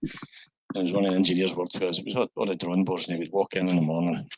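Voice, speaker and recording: A man's voice: sits low, little pitch movement, quick pace, slight background noise, poor audio. An older man with a Scottish accent, a podcast guest telling stories in casual chat with a chuckle. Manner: anecdotal, chuckling storyteller.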